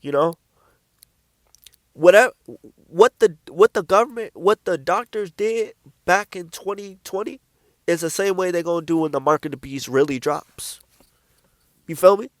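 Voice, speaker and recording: A man with a high voice for his sex gives a blunt, casual preaching talk. He swears freely and hammers his points home by repeating them. The recording is close-miked and dry. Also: normal speed, pauses often, no room sound. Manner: blunt, profane, repeats himself for emphasis. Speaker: Christian speaker.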